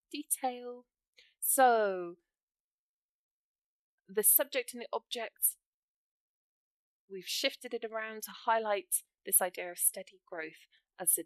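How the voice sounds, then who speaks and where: A woman with a medium-pitched voice, recorded without echo, leads an English writing lesson for an exam. She breaks down example sentences step by step, explaining the grammar in a supportive, encouraging manner.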